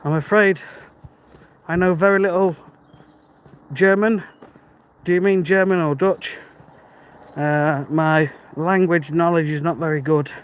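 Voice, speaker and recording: A man's voice: a little high, fairly even intonation, measured pace, long pauses, clear, resonant tone, rough recording. A British man chatting casually to a live stream while walking outdoors, friendly and thinking aloud. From Britain. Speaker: livestream walker reading chat. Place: outdoors on a dark rural road. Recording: faint outdoor background noise. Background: birds and passing cars.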